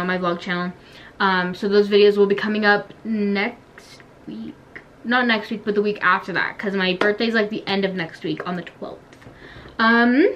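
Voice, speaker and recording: A teenage girl chatting casually while playing an online game, giggly and quick to complain, then wrapping up her vlog. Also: medium pitch, a bit bright, highs cut off, a little hiss or hum. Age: teens. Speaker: YouTuber. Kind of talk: casual gaming vlog chat.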